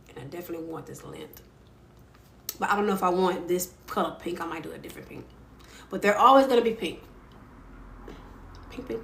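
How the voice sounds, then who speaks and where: A woman hosting a casual livestream chat in a playful, chatty way, laughing often and squealing high when excited. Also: creaky. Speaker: livestream host. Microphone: phone mic. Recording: roomy with faint ambient noise.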